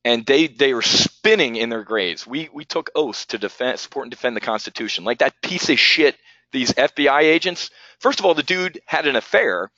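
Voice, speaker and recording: A man hosting a live market show rants with heat and stumbles over his words. His voice is forceful and bright. The audio is dry and somewhat dull. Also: medium pitch, lively intonation, normal speed, no room sound. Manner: heated, ranting and repeating himself. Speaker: trading show host.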